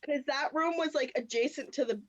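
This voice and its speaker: A woman's voice: high voice, fairly quick, lo-fi sound. A woman playing a tabletop game, thinking aloud and sometimes hesitating. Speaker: player.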